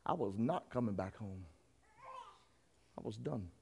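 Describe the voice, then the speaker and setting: A man preaching a sermon and telling his own story. He talks straight to the congregation and moves between quiet storytelling and shouted preaching. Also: fairly low pitch, expressive, unhurried, creaky, slight background noise. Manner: addresses the congregation directly. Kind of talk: sermon with personal testimony.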